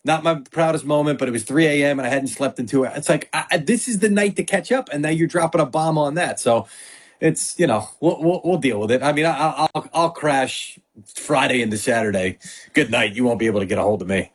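A middle-aged man, a sports reporter guest, telling stories in a lively way and acting out what others said. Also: on the high side, a little fast, husky. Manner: animated storyteller, acts out quotes. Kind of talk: casual sports talk.

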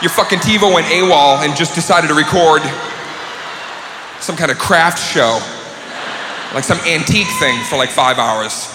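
A man doing a profane, ranting stand-up routine, often shouting. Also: on the high side, moderate pace, long pauses, crowd noise. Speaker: stand-up comedian. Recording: echoey hall with noise.

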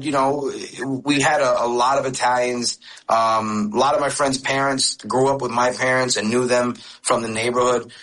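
A man's voice: medium pitch, fairly bright tone, rough recording. A man in his forties, raised in the United States, talking as a radio interview guest and telling candid stories with many restarts. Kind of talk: casual interview chat.

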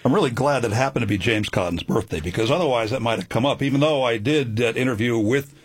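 A man hosts a radio interview, gently prompting his guest with questions. His mid-pitched voice has a slight husk. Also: quick pace, breathy edge. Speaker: radio host.

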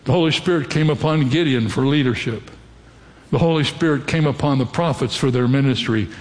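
A man's voice: medium pitch, a little fast. An older man preaching a sermon as a pastor, earnest and direct, often putting questions to his listeners. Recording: long hall reverb.

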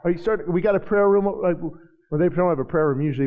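A man preaching a sermon in a church, joking with the congregation and building to shouted passages. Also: a little high, fast talker. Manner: jokey asides to the congregation. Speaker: pastor. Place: church sanctuary. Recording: hall reverb, dull lo-fi sound.

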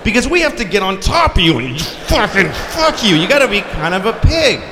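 A man doing crude stand-up comedy, shouting his punchlines with lively swings of voice. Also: high voice, a little fast, a crowd in the background, noisy background.

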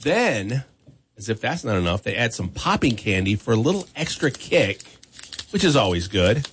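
A man's voice: on the low side, big pitch swings, moderate pace, a bit bright, a little hiss or hum. A man hosting a morning radio show, chatty and upbeat, often laughing. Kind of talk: casual radio banter. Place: radio studio.

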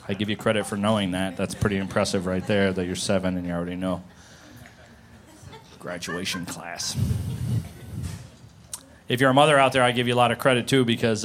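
A man doing a stand-up comedy set about his family, animated and acting out shouts and whispers. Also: fairly low pitch.

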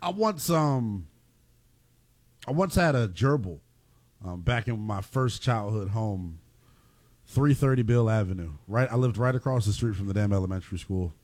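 A man co-hosting a casual podcast, playful and quick to laugh. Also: on the low side, no room sound. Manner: playful, animated, laughs often. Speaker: co-host.

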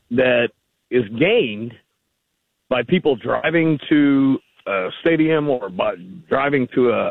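Male caller, gravelly, argumentative, tinny phone line, dry. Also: mid-range voice, no echo. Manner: argumentative, rambling. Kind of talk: call-in conversation.

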